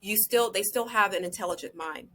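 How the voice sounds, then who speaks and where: A woman's voice: mid-range voice, a little fast, bright, forceful tone, a little hiss or hum. A woman who is a guest on a podcast, giving earnest parenting advice in casual conversation. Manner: earnest, advising.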